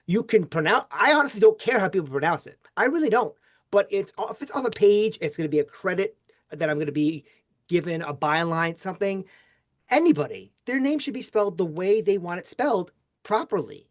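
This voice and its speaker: A man hosting a podcast who tells a long personal story in a casual, animated way, with his pitch swinging widely. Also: a little fast. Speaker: podcast host. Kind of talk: casual interview chat.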